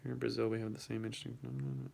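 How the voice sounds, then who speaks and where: A man's voice: on the low side, sing-song, rapid-fire, vocal fry, dark tone, slight background noise. A young man hosting his first livestream, reading chat and reacting casually, swearing now and then, his voice shaking from the cold.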